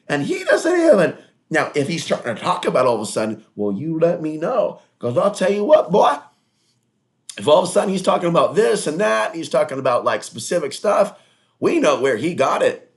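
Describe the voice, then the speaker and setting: Animated rambling man with lively pitch. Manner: animated, crude, digressive, mocking asides. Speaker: solo online talk-show host. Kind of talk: rambling monologue.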